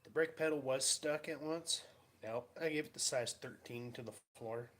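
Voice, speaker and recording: Vlogger, male, wry and rambling, mid-pitch everyday voice. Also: normal speed, fairly bright tone. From Pacific Northwest of the US. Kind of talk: casual vlog chat.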